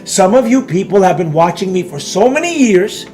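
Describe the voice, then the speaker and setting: High-voiced man ranting at his viewers. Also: animated, moderate pace, darkish tone, faint music behind. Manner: scolding, emphatic, repeats points, rhetorical questions; reads and answers viewer chat. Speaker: day-trading educator hosting a live stream. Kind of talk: ranting live-stream lecture.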